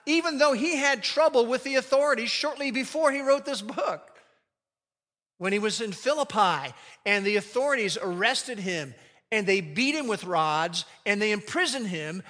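A man preaching a sermon as pastor, leading the congregation in reciting a phrase together and slowing down to stress key words. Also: very high-pitched, pushed and bright, big-room sound. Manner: leads congregation in call-and-response recitation.

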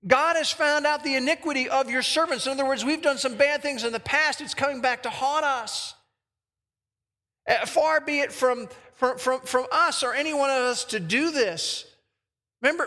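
A male pastor preaching a sermon, reading scripture aloud with big swings in volume and pitch. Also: bright, forceful tone, big-room sound.

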